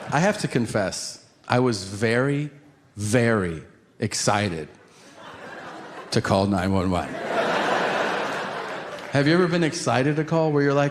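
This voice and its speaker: A middle-aged man doing stand-up storytelling on stage, animated and jumping into loud acted quotes. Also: medium pitch, a little slow, pauses often, big-room sound. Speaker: stand-up comedian. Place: comedy stage. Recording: live stage recording with audience noise.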